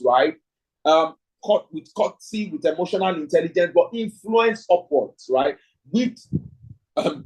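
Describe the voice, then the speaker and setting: A man leads an online leadership class. His voice is slightly high and husky. He thinks aloud, tags his points with "right?" and reads out answers from the class. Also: darkish tone, low-quality recording. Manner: thinking aloud, frequent "right?" tag questions; reads participants' chat answers. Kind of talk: online class lecture with audience questions.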